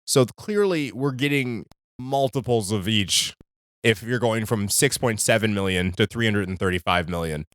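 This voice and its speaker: A man co-hosting a podcast in casual chat, animated and laughing often. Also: normal speed, dry recording, clean studio sound. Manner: animated, laughs often, swings pitch widely. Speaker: podcast co-host.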